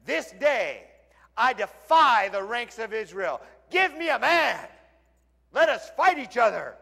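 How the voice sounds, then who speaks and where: A preacher acting out a boastful giant warrior shouting a challenge, in a hall with long reverb. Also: male voice, big pitch swings, slow pace, exaggerated voice. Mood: booming taunt. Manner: loud, booming challenge.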